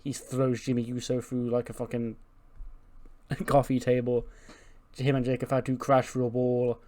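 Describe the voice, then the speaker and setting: A man's voice: medium pitch, monotone, moderate pace, mellow. Male host, casual laughing play-by-play of a wrestling game. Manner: chatty, laughing, recaps results. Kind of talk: casual commentary on a wrestling sim.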